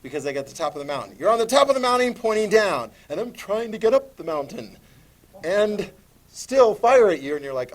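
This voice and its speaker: A man teaching a class, lively and animated, asking students questions as he lectures. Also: high-pitched, brisk.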